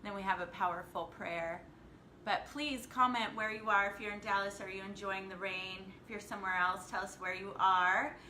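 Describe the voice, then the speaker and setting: A woman's voice: mid-range voice, fairly even intonation, normal speed, pushed and bright. A woman hosting a casual live stream as a life coach, upbeat and greeting her viewers by name as they join. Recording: echoey room with faint background noise.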